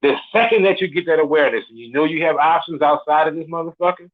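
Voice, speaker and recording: A man's voice: on the high side, fast. Swearing forty-year-old man on a tinny phone line. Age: 40s. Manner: blunt, swaggering and heavy with swearing. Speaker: caller on a live show. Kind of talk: profane rant.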